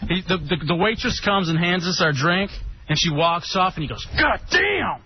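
A man's voice: sits high, brisk, a little hiss or hum. A man hosting a radio show, telling stories in loose, joking banter into a studio mic. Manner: lively, joking storyteller. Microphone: studio mic with headphones. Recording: dull lo-fi radio sound.

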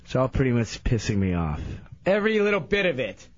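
A man co-hosting a radio show, ranting and yelling taunts in a broadcast studio. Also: medium pitch, huge pitch swings, brisk, muffled recording. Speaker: radio show co-host, prank victim. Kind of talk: radio banter.

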